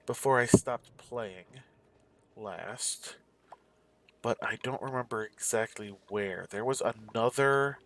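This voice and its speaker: A man's voice: medium pitch, takes it slowly, long pauses, fairly bright tone. A man giving casual, mumbling let's-play commentary, musing aloud to himself as he searches around a game map. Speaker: gameplay commentator.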